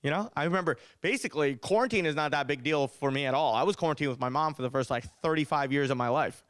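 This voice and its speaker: Man, stand-up comedian, animated, higher voice, dry recording. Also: fast, clean tone, no room sound. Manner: animated, exaggerated storytelling. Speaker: comedian and event host.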